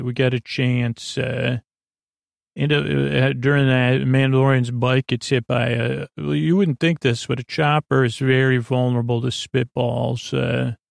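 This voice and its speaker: Gravelly man, flat delivery, halting casual recap host, lots of "uh"s, dry close mic. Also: medium pitch, no room sound. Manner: halting, many fillers and restarts. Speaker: podcast host.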